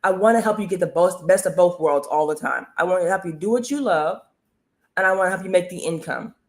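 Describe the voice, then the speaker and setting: Energetic female host for a live motivational stream; repeats calls for comments, coaching tone. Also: lowish voice, fairly quick. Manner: energetic, repetitive, keeps asking viewers to comment. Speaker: online business coach hosting a live stream.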